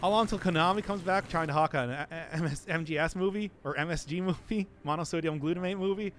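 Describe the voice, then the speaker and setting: A man's voice: fairly high pitch, fast, a bit bright, a little hiss or hum. A man streaming a game and chatting casually, repeating himself and laughing often. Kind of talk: casual live-stream chat while playing.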